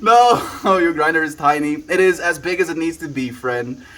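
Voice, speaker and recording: A man's voice: on the high side, moderate pace, fairly bright tone. A South African man from South Africa chatting casually on a livestream from home into a handheld phone, musing aloud and thanking viewers by name.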